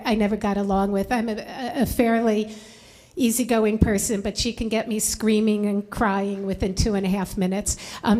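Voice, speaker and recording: A woman's voice: fairly high pitch, darkish tone, slight background noise. A woman in her fifties telling a personal story to a live library audience, chatty and full of fillers and restarts. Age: 50s. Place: library event before an audience.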